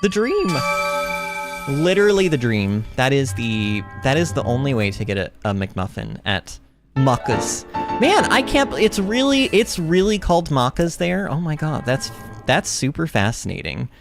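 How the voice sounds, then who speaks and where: A woman's voice: extremely low pitch, sing-song, a little slow, over music. A woman streaming a video game and chatting casually with her viewers, talking in a bubbly way with lots of fillers and restarts. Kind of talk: casual livestream chat while playing.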